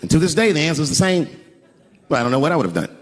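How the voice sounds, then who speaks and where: An older man telling a profane, animated stand-up story on an arena stage, acting out voices as the crowd laughs. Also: a little high, very fast. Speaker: stand-up comedian. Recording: live arena recording with crowd noise. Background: crowd laughing and cheering.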